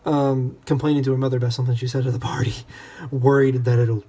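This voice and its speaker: A man's voice: medium pitch, flat delivery, fast, warm tone. A young man in a casual, rambling book discussion, full of self-deprecating asides. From United States.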